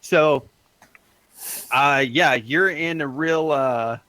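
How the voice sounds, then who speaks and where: A man's voice: a little high, drawn-out words, bright, forceful tone, dry recording, low-quality recording. A man running a tabletop game as game master, loose and laughing, with lots of fillers.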